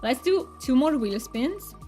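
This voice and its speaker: A woman's voice: high voice, expressive, measured pace, dark tone, soft background music. A woman streamer chatting casually during a livestream, talking with her chat viewers as she plays. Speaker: game streamer.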